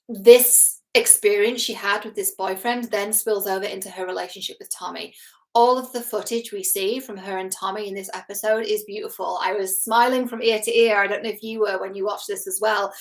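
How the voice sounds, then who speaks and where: A woman's voice: medium pitch, poor audio. A middle-aged woman, a relationship coach, giving chatty, earnest commentary to camera, acting out quotes and laughing at herself. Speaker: relationship coach reacting to a TV series.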